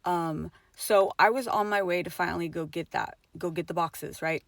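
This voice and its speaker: A woman's voice: lowish voice, steady tone, normal speed, gravelly, no room sound. A middle-aged mother telling a personal story in a casual vlog, swearing often, with lots of fillers and emphatic swings.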